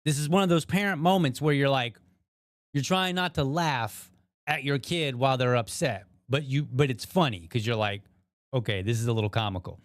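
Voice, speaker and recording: A man's voice: mid-range voice, moderate pace, dry recording, clean studio sound. A man hosting a show, chatting casually about a video and thinking aloud with frequent asides to viewers. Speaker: podcast host. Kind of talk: casual commentary on a viral video.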